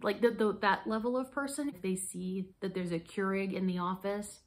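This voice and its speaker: A woman's voice: medium pitch, steady tone, moderate pace. A woman in her forties reviewing hand care products in a casual vlog, rambling, self-deprecating and laughing often. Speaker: beauty vlogger.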